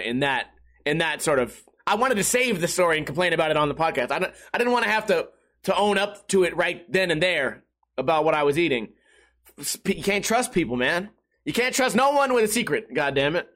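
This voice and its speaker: A man's voice: a little high, very animated, a little fast, fairly bright tone. A man hosting a podcast, telling a rambling, profane, self-mocking story in a casual monologue while sweating in a hot room. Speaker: podcast host.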